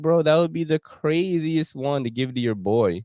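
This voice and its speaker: A man's voice: fairly high pitch, expressive, moderate pace, a little mellow, no room sound, studio quality. A young man hosting a casual gear show, chatting in laid-back slang while browsing a website and laughing often.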